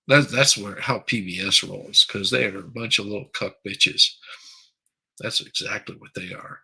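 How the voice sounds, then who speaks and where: A man's voice: fairly low pitch, normal speed, creaky, pushed and bright, slightly rough, low-quality recording. A man hosting a live stream, chatting casually and crudely, rambling while he reads viewer comments aloud. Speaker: livestream host.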